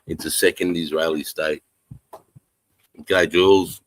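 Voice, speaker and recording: A man's voice: extremely low pitch, steady tone, a little slow. An Australian man hosting a casual live chat, reading comments aloud and giving his blunt, rambling, profane opinions. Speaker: livestream host reading chat.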